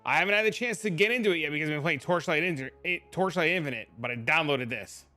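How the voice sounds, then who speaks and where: Young male streamer, slightly high voice, casual and profane, faint music underneath. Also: quick pace. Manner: profane, excitable, talks to his cats. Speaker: gaming streamer. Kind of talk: casual livestream chat.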